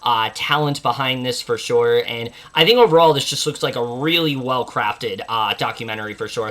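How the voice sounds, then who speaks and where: A man's voice: medium pitch, a bit bright. A young man hosting a casual movie preview, enthusiastic and full of fillers. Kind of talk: casual film chat.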